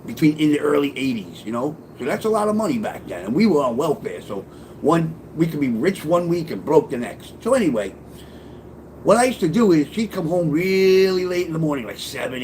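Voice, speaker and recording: A man's voice: a little high, fairly quick, slight background noise, poor audio. A middle-aged man casually telling a profane personal story, acting out what people said. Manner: profane, animated, acts out quoted voices. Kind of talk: casual spoken memoir storytelling.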